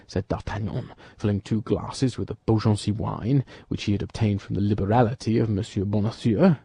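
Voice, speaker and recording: A man narrating an audiobook in an expressive, dramatic storytelling manner. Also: on the low side, fairly quick, creaky, hardly any pauses, husky, no echo. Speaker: audiobook reader. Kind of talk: scripted narration.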